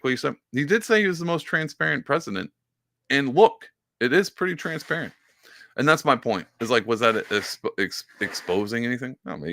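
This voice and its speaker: Man, podcast host, lively swooping pitch, bright forceful tone, dry close sound, casual commentary. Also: no room sound. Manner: animated, mocking impressions, lots of fillers.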